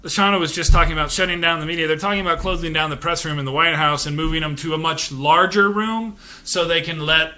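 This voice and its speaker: A man's voice: on the high side, steady tone, fast talker, few pauses, pushed and bright. A young man hosting a podcast, giving casual political commentary in a rambling way with many fillers and restarts. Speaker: podcast host.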